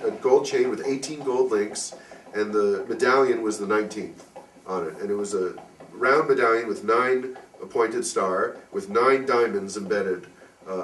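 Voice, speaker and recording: A man's voice: lowish voice, slight background noise. A man telling an informal religious story at a fireside gathering, rambling with many fillers and acting out the people he quotes. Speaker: fireside speaker. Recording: distant mic in echoey room.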